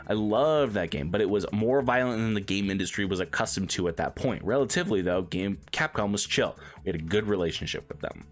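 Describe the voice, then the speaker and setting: A man streamer reading an article aloud, breaking off for casual asides and acting out quotes in put-on voices. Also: lowish voice.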